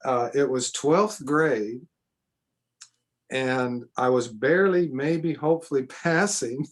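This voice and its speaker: Man, middle-aged, earnest seminar preacher, unhurried delivery. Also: medium pitch. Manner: earnest, repeats for emphasis, spontaneous asides. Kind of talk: seminar teaching.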